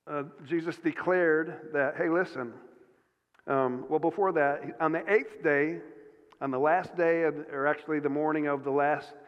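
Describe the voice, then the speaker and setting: Earnest pastor in an echoing hall. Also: male voice, a little high, smooth. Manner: earnest, restarts often, many fillers. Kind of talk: sermon. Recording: dull sound with long hall reverb.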